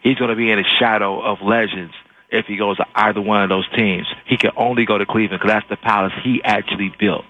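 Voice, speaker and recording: Ohio guy calling in, deep-ish voice, phone line sound, very emphatic. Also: steady tone, fast. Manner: emphatic, declarative. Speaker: caller.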